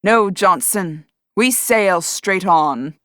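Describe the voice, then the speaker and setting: A woman voicing a bold pirate captain with a deep voice and a confident, commanding manner in an audiobook. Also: animated, drawn-out words, fairly bright tone, no room sound, studio quality. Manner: assured, commanding.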